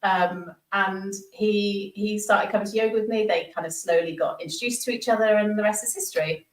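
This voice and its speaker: Casting note: woman, thirties, animated rambling storyteller, roomy sound, a bit off mic. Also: mid-range voice, fairly quick, recorded from a distance. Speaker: podcast guest. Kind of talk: storytelling in casual chat.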